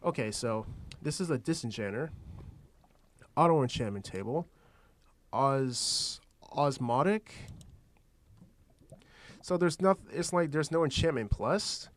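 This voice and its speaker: A man's voice: mid-range voice, expressive, slow, long pauses. A man giving casual, rambling commentary while he plays a modded block-building game, thinking aloud and trailing off into restarts. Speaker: gaming channel host.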